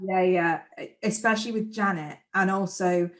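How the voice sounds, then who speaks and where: Chatty woman reviewing a horror film. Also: lowish voice. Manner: chatty, opinionated, quick asides. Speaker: podcast co-host. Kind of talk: casual film review chat.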